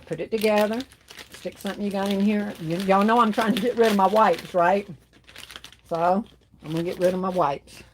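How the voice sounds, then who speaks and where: A chatty woman talks viewers through a craft project on a livestream in a loose, casual way. She speaks at an ordinary mid pitch and keeps calling her audience "y'all". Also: normal speed, a little hiss or hum. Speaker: livestream host making gift baskets. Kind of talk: casual live demonstration talk.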